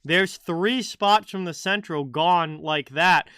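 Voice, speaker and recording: Bright, crisp-voiced hockey stream host. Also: male voice, fairly high pitch, takes it slowly, no room sound, clean studio sound. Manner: conversational, answers chat viewers by name. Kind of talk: casual live-chat commentary.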